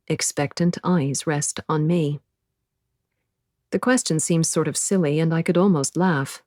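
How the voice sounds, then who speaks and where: A woman narrating an audiobook in the first person, measured and quiet. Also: low-pitched, dry recording, clean studio sound.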